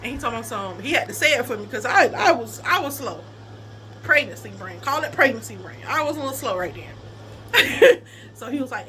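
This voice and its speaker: A young woman telling a personal story to her viewers in a casual, animated way, often laughing and quoting people. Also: fairly high pitch, normal speed, crowd noise.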